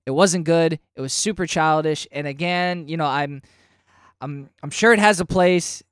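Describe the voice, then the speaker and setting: A man co-hosting a casual podcast, reviewing comics and getting animated and swearing when worked up. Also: on the high side, normal speed, smooth, no room sound, clean studio sound. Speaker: podcast co-host.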